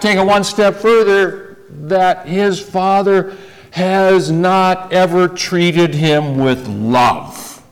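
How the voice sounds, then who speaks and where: Slow, deliberate male preacher. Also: high voice, a bit bright, clear, resonant tone. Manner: deliberate, rhetorical questions to the congregation, repeats words. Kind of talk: sermon.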